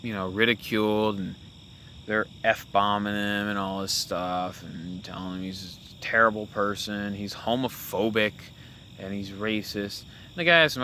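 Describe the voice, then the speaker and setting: Young man, podcast host, casual rambling monologue, bright voice, lots of fillers, faint background hiss. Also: fairly low pitch, fairly even intonation, a little slow. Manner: rambling, with many fillers and self-corrections.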